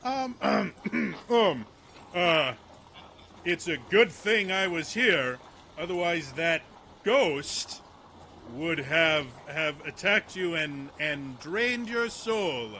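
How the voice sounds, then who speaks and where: A man voicing a cowardly male adventurer leader who is a fraud, shrieking and wailing in a shrill, panicky voice. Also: lively intonation, drawn-out words, sharp tone, slight background noise, exaggerated voice. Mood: flustered bluster.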